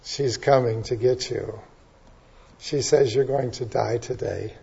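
A preacher doing a hushed, ominous messenger. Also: male voice, mid-range voice, fairly even intonation, a little slow, vocal fry, breathy edge, pitched below the performer's own voice, exaggerated voice. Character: hushed messenger bringing a threat. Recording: dull lo-fi sound.

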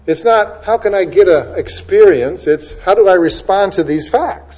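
A man's voice: high voice, darkish tone, lo-fi sound. A man preaching a sermon, asking rhetorical questions and rising to emphatic peaks as he quotes scripture references one after another. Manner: preaching, quoting scripture references in quick succession. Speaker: pastor.

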